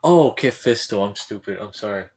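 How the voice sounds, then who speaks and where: Excitable, fan-struck man host. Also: lowish voice, normal speed, husky. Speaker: podcast host. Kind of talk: casual interview chat.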